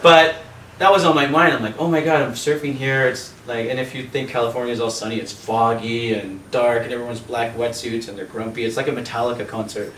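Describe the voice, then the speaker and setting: A Canadian man who works as a yoga teacher and host tells a lively story on a video call, laughing often and doing voices. His pitch is mid-range and his pace fairly quick, recorded from a distance in a roomy space with faint hiss underneath.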